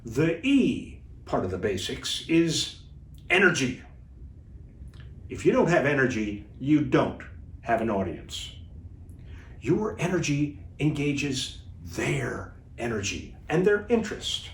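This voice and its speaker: A man coaching viewers as a communication trainer in an instructional video talk, deliberate and animated. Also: medium pitch. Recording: echoey room, distant mic.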